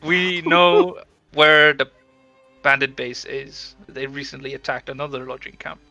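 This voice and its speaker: A man playing Gesh, a bright-voiced earnest adventurer. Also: medium pitch, gravelly, no room sound, highs cut off, faint music behind. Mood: urgent, persuasive. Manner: earnest, persuasive, slightly halting. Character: Gesh, young adventurer pleading for his siblings.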